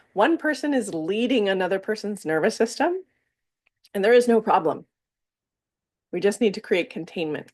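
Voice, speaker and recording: A woman with a lowish voice leads a wellness workshop. She explains in a calm, flowing way and stretches some words out with pauses between phrases. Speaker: somatic workshop facilitator.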